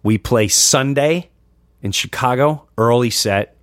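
A man hosting a podcast, chatting casually and excitably about upcoming shows. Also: mid-range voice, takes it slowly, no room sound, clean studio sound. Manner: excitable, animated storytelling. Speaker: podcast host and comedian. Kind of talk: casual chat.

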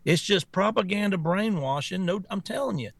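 A man's voice: high-pitched, expressive, normal speed, creaky, dry recording. A man co-hosting a talk show in casual chat, blunt and rambling, often repeating his words. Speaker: co-host.

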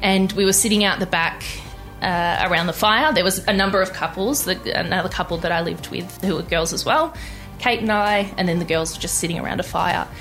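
A young woman telling her personal story in an interview, candid and halting, with many restarts. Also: lowish voice, fairly bright tone, soft background music. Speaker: interview guest.

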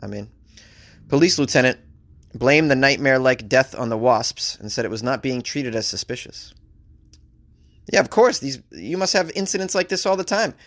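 A man's voice: medium pitch, lively intonation, moderate pace, fairly bright tone. A man reading odd news stories aloud and riffing on them, sarcastic and rambling, swearing casually. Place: staying in a hotel abroad.

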